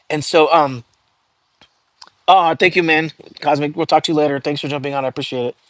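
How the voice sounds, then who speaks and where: A man hosting a casual livestream from home, chatting loosely with viewers, greeting them by name and filling pauses with "um" and "like". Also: fairly high pitch, fairly even intonation, fairly bright tone, dry recording. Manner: chatty, frequent fillers, reads out viewer comments. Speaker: livestream host.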